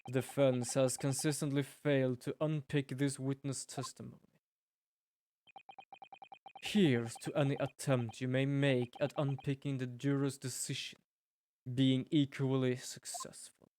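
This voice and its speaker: A man's voice: medium pitch, level tone, darkish tone, a little hiss or hum, pitched below the performer's own voice, close to an everyday voice. Man reading as a cold prosecutor. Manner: cold, measured, formal. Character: stern aloof male prosecutor.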